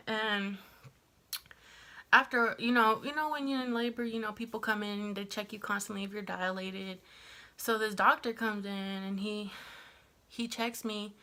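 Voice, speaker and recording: A woman's voice: mid-range voice, pushed and bright. A young woman telling a personal story in a casual, rambling vlog style, full of fillers and asides. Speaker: vlogger.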